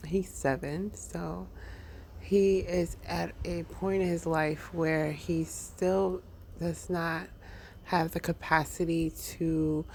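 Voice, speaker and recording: A woman's voice: deep voice, a little mellow, slight background noise. A young adult woman, a mother, casually telling a personal story, hesitant with many fillers and restarts.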